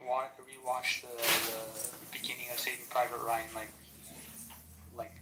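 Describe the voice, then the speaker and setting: A man's voice: mid-range voice, flat delivery, a little slow, very noisy. A man in casual podcast chat, heated and swearing with lots of fillers. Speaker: podcast panelist.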